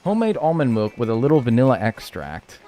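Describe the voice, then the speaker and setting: A man's voice: mid-range voice, huge pitch swings, quick pace, dark tone. A man streaming live, chatting casually and joking as he reads and answers his chat.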